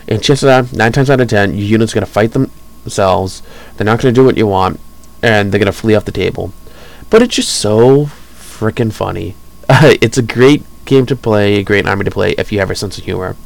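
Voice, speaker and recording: Gravelly-voiced man hosting a podcast. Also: mid-range voice, rough recording. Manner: rambling, chuckling, enthusiastic. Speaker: podcast host. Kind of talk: casual podcast talk.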